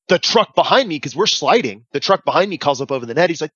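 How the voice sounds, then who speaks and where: Animated profane man telling war stories. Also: fairly high pitch, fast, husky, dry recording, highs cut off. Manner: profane, animated, acts out radio calls. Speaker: veteran guest telling stories. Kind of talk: casual podcast storytelling.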